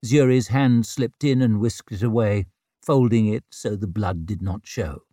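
A man narrating an audiobook with expressive storytelling. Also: on the low side, unhurried, no echo. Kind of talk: scripted narration. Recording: dry close studio sound.

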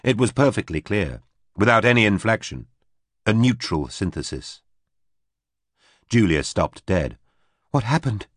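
A man reads a science fiction audiobook as scripted narration, steady and measured. His voice is lowish, and the studio recording is dry and clean.

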